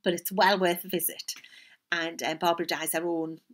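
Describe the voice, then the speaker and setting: An older woman with a Geordie accent, hosting a knitting podcast in a chatty, rambling way, often dropping into soft asides. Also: fairly low pitch, flat delivery, normal speed. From North East England. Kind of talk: casual chat.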